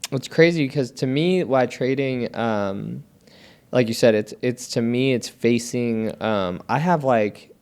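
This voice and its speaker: A man's voice: medium pitch, takes it slowly, a little mellow, smooth. A man co-hosting a casual podcast chat, talking candidly and profanely in a rambling storytelling way.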